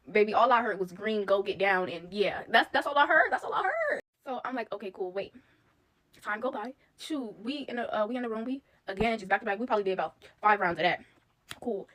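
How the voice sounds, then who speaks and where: A woman's voice: mid-range voice, lively intonation, brisk, a bit bright, slight background noise. A young woman telling a casual storytime anecdote in slangy speech, full of chatty asides to her audience.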